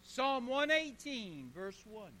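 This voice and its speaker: A male pastor delivers a sermon at an unhurried pace, stacking one emphatic phrase after another. His voice sits very high and bright. The sound rings with the long reverb of a church hall. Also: sing-song. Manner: emphatic repetition, call-and-response with congregation. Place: church sanctuary.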